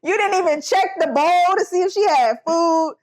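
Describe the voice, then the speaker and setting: A woman's voice: very high voice, normal speed, darkish tone, voice pushed up. A woman voicing her own exasperated mother, who bluntly scolds her teenage daughter. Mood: scolding.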